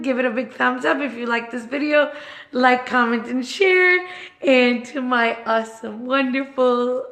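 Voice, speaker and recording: A woman's voice: fairly high pitch, a bit bright. A woman giving a casual, affectionate home tour vlog from her own house, filming with a handheld camera and talking in a gushing, sentimental way. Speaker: home decor vlogger. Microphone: handheld camera she turns around to film.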